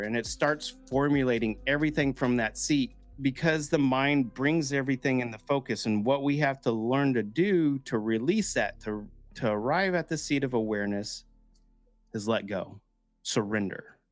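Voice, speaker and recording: Man, mid-range voice, casual podcast chat, animated storytelling, swears, faint music behind. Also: mid-range voice, moderate pace. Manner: animated storyteller who acts out quoted voices and swears freely. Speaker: podcast host. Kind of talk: casual conversational talk.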